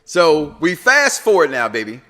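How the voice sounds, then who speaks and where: Lebhafter Mann als Co-Moderator. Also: male voice, a little high, wildly swooping pitch, moderate pace. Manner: playful and loud, teasing, jumps between mumbling and shouting. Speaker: co-host of a TV review show. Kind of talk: casual chat.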